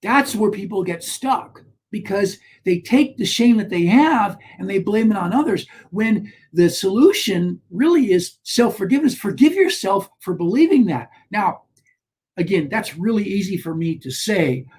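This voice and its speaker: A male talk show guest, an author on shame, tells a personal story with animation, frequently restarting and building emphasis. His voice sits high and husky at a moderate pace.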